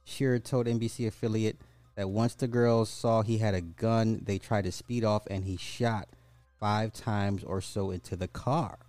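A man's voice: fairly low pitch, fairly even intonation, a little slow, a little mellow, no echo. A man hosting a podcast, reading news stories aloud and adding mocking asides in a casual way. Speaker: podcast host. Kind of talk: casual social commentary.

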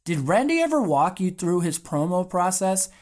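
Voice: medium pitch, big pitch swings, moderate pace, a little mellow. An interview host asking eager, lengthy questions and reading fan questions aloud.

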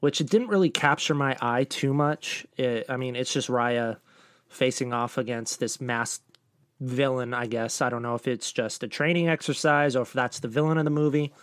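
A young man co-hosting a casual podcast, laid-back, often trailing off quietly at the ends of thoughts. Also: medium pitch, normal speed, dry recording, studio quality. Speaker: podcast co-host, co-editor-in-chief.

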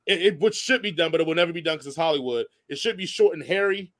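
A man co-hosting a podcast in casual chat, animated and laughing often. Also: on the high side, fast talker. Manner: animated, laughs often, breaks into silly voices. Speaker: podcast co-host.

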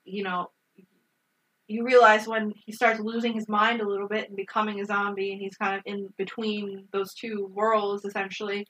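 A woman's voice: medium pitch, level tone, normal speed, a bit bright, far from the mic, poor audio. A woman co-hosting a podcast, retelling a film in an emphatic, profane and emotional way. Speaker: podcast co-host. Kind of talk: casual movie review chat.

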